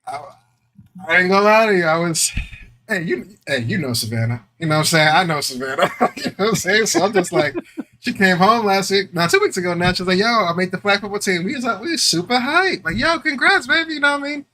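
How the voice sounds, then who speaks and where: A man co-hosting a podcast, telling animated stories full of slang and laughter in casual chat. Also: sits high, fast, slight background noise. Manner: animated storyteller, acts out quotes with laughs; slangy, repeats "you know what I'm saying". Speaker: podcast co-host.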